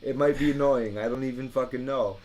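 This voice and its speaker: Casting: mid-pitched man in his thirties, blunt, swearing podcast co-host who stumbles and restarts. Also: steady tone, a little fast, darkish tone, slight background noise. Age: 30s. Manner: blunt, profane, hesitant restarts. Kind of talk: casual podcast chat.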